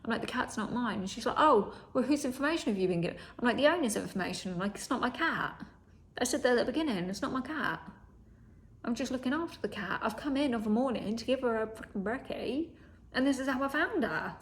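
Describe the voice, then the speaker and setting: On the high side and expressive, this young woman talks fast. She's a vlogger telling a story in a chatty way, swearing freely, performing what others said, and regularly dropping into a whisper.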